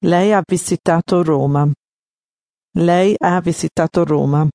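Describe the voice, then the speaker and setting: A native speaker giving the model answers in an audio lesson, saying each phrase clearly twice. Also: medium pitch, steady tone, unhurried, warm tone, no room sound, clean studio sound. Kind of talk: slow repeated example phrases.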